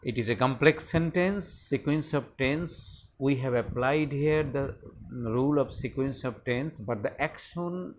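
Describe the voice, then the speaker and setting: A man teaching English grammar in a slow, explanatory lesson, often repeating words and phrases as he explains. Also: medium pitch, slight background noise.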